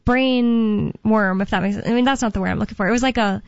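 A young woman in casual chat, rambling, losing her thread and filling pauses with um and uh. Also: mid-range voice. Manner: rambling, loses her thread, many fillers. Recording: dull, lo-fi dry sound.

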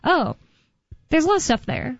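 A woman co-hosting a radio show in casual chat, talkative and quick to laugh. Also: high voice, very animated, dry recording. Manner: giggly, chatty, reads news aloud haltingly. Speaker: radio co-host. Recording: dull dry studio sound.

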